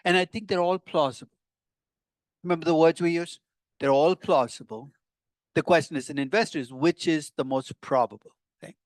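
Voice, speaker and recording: A man's voice: fairly high pitch, dry recording. An older man, a professor giving a conversational classroom lecture with wry, teasing asides to his students.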